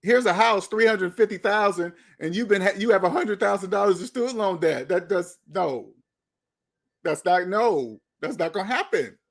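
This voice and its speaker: A man's voice: sits high, expressive, normal speed, creaky. A man giving blunt, lecturing commentary on money and debt, often repeating himself. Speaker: finance commentator. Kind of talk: opinionated video commentary.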